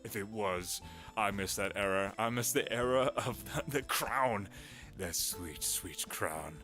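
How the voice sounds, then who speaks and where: A man, a voice actor, chatting casually on a home livestream with a gravelly vocal fry, giggling and wandering between topics. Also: lowish voice, a little slow, sharp tone, faint music behind. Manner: chatty, giggly, drifts into voice demos. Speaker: voice actor streaming.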